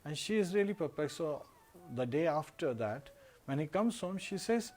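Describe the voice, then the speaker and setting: A man giving a devotional discourse, telling a story in a relaxed way with frequent "uh" and "you know" fillers. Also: fairly high pitch, moderate pace. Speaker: devotional speaker. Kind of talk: storytelling sermon.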